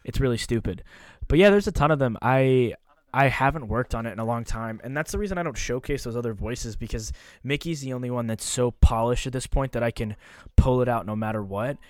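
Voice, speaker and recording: A man's voice: mid-range voice, a little fast, a little mellow, no echo. A man talking loosely and candidly as a podcast guest, swearing now and then. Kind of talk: casual podcast chat.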